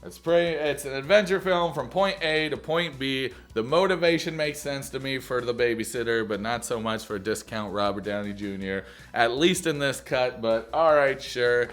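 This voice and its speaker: A man talks through a movie in a casual, rambling way, joking at his own expense and swearing freely. His voice sits in an ordinary middle range. Faint music plays quietly behind him. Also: mid-range voice, moderate pace, hardly any pauses. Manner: loose, profane, jokey, self-mocking. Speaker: movie reviewer.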